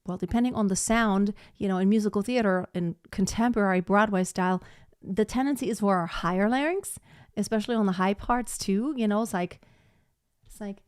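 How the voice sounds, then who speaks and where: A woman's voice: medium pitch, brisk, smooth, no room sound, clean studio sound. A woman voice teacher giving a live singing lesson, explaining technique and breaking into short sung demonstrations.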